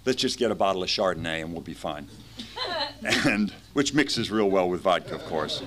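A man in his fifties telling his story at a recovery meeting, lively, acting out the voices of people in it. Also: low voice, normal speed, a crowd in the background. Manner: animated storyteller, acts out quoted voices.

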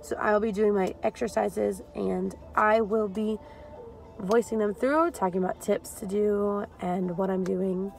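A young woman chatting casually to camera as a fitness vlogger, animated and laughing often. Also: mid-range voice, a little slow, creaky, soft background music, poor audio. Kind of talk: casual vlog chat to camera. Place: car, then gym.

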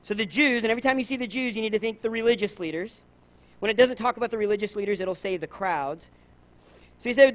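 A man with a Southern US accent preaching a sermon, lively, acting out the people in his stories. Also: high voice, a little fast. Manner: animated, acts out voices in his stories. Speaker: pastor.

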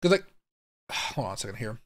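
Young guy on a live stream, confused and swearing, muttering to chat, mid-pitched voice. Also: sing-song, normal speed, fairly bright tone. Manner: baffled, thinking aloud, swearing, talking to viewers. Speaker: crypto livestream host. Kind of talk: live-streamed casual commentary.

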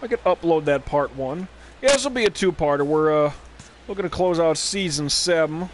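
A man's voice: fairly high pitch, expressive, moderate pace, a little hiss or hum. A man streaming a baseball game live, chatting casually and wandering off on tangents with plenty of swearing. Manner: rambling, profane, drifting off on tangents. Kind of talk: casual gameplay commentary.

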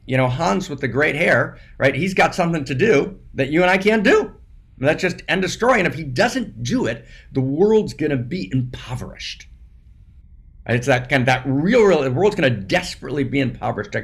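Husky man, emphatic and restless. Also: mid-range voice. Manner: emphatic, with many restarts and "right?" tags. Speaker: dialogue partner. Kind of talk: public spiritual dialogue.

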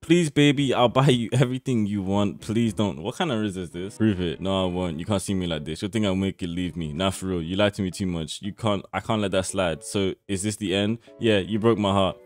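A man's voice: sits low, steady tone, a little fast, hardly any pauses. A young man, streaming and reacting to chat messages in slangy, swearing, mocking talk. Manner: slangy, swearing, mocking, bursts into loud laughter.

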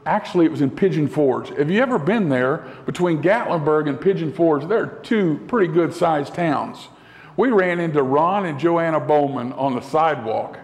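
A male pastor delivering a sermon in an earnest way, slowing down and dropping to a soft voice for emphasis. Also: on the high side, animated. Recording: long hall reverb.

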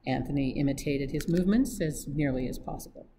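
A staff reader narrating a classic mystery novel aloud in a steady, measured way. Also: medium pitch, slight background noise, low-quality recording. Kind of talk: audiobook reading.

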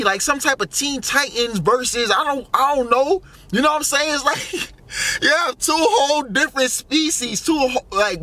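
A young male vlogger with an extremely high, bright, forceful voice rambles through a casual monologue. He muses and wonders aloud, packing his talk with fillers and swearing.

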